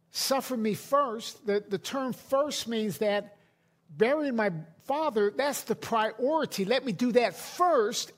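A middle-aged male pastor preaching a sermon to a congregation in a conversational way, often restarting his sentences. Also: high-pitched. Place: church hall.

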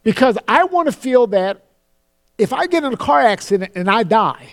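A man preaching a sermon, earnest, slowing down to quote scripture solemnly and often repeating words as he starts a phrase. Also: very high voice, very animated.

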